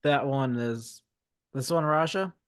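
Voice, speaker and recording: A man co-hosting a laid-back book podcast, with a voice of ordinary pitch. He jokes around and swears casually as he chats. The recording is dry and close, with no room echo. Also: slow pace, clean tone. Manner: relaxed and joking, swears casually. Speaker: podcast co-host.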